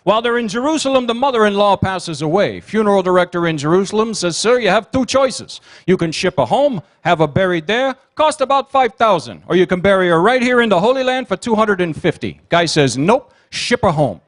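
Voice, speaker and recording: A high-voiced man does a stand-up routine as the evening's emcee. He tells quick one-liners and teases people in the audience, and his voice carries through a banquet hall. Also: lively intonation. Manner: rapid one-liners with teasing crowd work. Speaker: comedian and emcee at a gala dinner.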